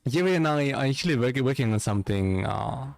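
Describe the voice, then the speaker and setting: A man's voice: mid-range voice, expressive, fairly quick, gravelly, a little mellow, dry recording. Chatty man. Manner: chatty, joking with chat. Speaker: livestream host. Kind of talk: casual livestream chat.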